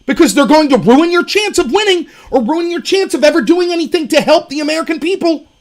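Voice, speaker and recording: A man hosting a political commentary show, talking in an animated and sarcastic way. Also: very high voice, fast talker. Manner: animated, sarcastic, mimics opponents mockingly. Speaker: host.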